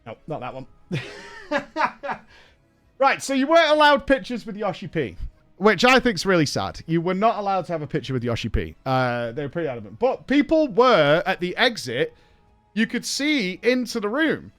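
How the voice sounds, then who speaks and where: A man hosting a casual stream chat, telling an animated story with laughs and casual swearing. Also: high voice, normal speed, soft background music. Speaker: streamer host.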